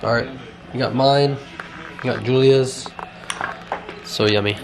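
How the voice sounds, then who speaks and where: A man in a casual home vlog, relaxed and easygoing. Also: medium pitch, a little slow, gravelly, poor audio. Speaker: vlogger, father.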